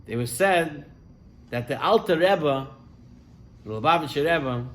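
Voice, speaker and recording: High-voiced rabbi telling a story. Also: male voice. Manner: animated storyteller, voice rising and falling with the tale. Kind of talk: sermon storytelling.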